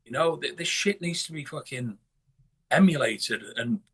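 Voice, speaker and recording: A man's voice: on the high side, normal speed, fairly bright tone, slightly rough. A man from northern England talking bluntly in a casual interview, swearing a lot and restarting his sentences. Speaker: guest musician.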